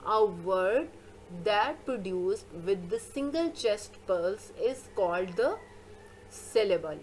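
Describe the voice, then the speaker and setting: A woman teacher gives a recorded English grammar lesson. She explains points slowly, repeats herself and often pauses on "uh". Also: mid-range voice, expressive, a little mellow, slight background noise, poor audio. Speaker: school teacher.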